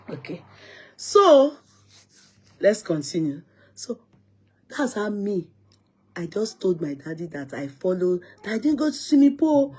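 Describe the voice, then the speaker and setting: A young woman with a Nigerian accent tells a family story in easy, casual vlog talk. Her voice is husky and a little breathy. She laughs often and slides between English and Yoruba. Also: mid-range voice, big pitch swings, measured pace, pauses often, darkish tone. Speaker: vlogger.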